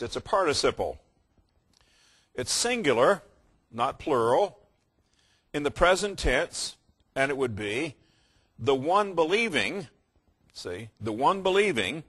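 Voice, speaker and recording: A man's voice: mid-range voice, fairly bright tone, slightly rough. An older man preaching a teaching sermon, patiently explaining verb tenses and checking that listeners follow. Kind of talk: sermon teaching on Greek grammar.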